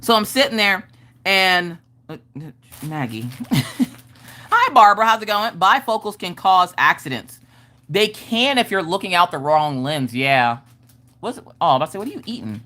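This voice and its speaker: A woman hosting a casual livestream chat, telling stories in an animated way and going off on tangents while answering her viewers. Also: on the low side, moderate pace. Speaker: livestream host. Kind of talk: casual chat with live chat readers.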